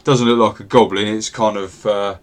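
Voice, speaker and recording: A man runs a tabletop game in a lowish voice. His narration is relaxed and rambling, full of filler words. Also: normal speed. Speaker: game master.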